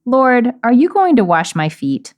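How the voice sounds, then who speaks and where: A woman's voice: on the high side, big pitch swings, a little slow, darkish tone, voice pushed up. A resigned, wary disciple pushing back against his teacher, read aloud by a woman. The reading stays close to her everyday voice, lightly coloured with reluctance. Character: wary, protesting male disciple.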